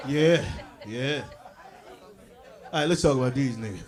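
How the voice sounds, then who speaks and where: A man doing a stand-up comedy routine on stage, boisterous and talking straight to the audience, laughing through his lines and shouting his punchlines. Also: medium pitch, unhurried, long pauses, a crowd in the background, noisy background.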